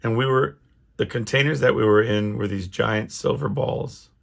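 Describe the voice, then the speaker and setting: Gravelly, husky rambling podcast man. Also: mid-range voice, moderate pace. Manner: rambling, restarts a lot, many fillers. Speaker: podcast host. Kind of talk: casual solo monologue.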